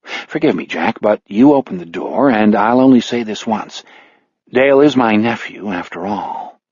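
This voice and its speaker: A man's voice: fairly low pitch, animated, moderate pace, darkish tone, breathy edge, no room sound, muffled recording. A man voicing a wry blind older man. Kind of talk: audiobook character voice.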